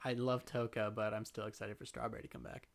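A man's voice: mid-range voice, flat delivery, fast talker, gravelly. A young man co-hosting a podcast, chatting casually and enthusiastically about an anime and swearing freely. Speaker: podcast co-host. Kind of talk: casual anime review chat.

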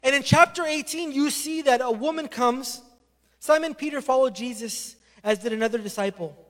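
High-voiced male pastor in a hall. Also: moderate pace. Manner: animated storytelling, acting out voices. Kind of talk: sermon.

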